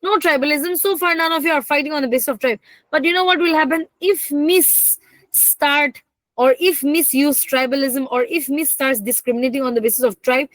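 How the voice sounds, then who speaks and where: A young woman giving a history lecture to a class, mixing languages and often asking "okay, clear?". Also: high-pitched, dry recording. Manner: code-switching, asks "okay, clear?" often. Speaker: history teacher.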